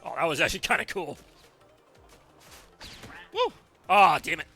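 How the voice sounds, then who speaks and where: A man's voice: on the high side, wildly swooping pitch, a little slow, creaky, sharp tone, slightly rough, soft background music. A man streaming a game live, chatting casually with viewers, rambling and laughing often.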